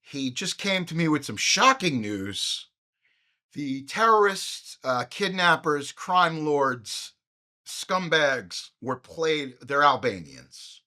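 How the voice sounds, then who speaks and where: Animated, profane comedic podcast man. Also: a little high, slow pace. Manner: animated, profane, riffing with jokes. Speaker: podcast host. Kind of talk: comedic movie retrospective.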